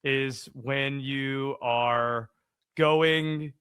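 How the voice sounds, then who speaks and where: A man's voice: medium pitch, fairly even intonation, drawn-out words, fairly bright tone, clear, resonant tone, dry recording, studio quality. A man hosting a casual sports radio show, guessing at answers while thinking aloud. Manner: hesitant, thinking aloud with restarts. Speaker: host.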